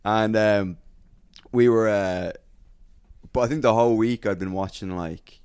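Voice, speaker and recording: A man telling a lively stand-up story in casual podcast chat, acting out crowd voices and swearing freely. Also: fairly low pitch, unhurried, clean tone, no echo, clean studio sound.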